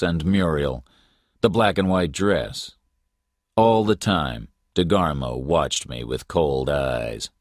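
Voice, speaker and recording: A man narrating a detective story in the first person, measured and steady, as a scripted audiobook read. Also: low voice, dry recording, clean studio sound.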